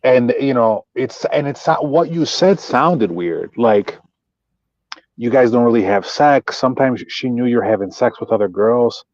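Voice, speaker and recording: A man calmly giving advice in a casual chat, speaking in a measured way. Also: mid-range voice, dry recording. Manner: calm, measured, gives advice. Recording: dull muffled audio.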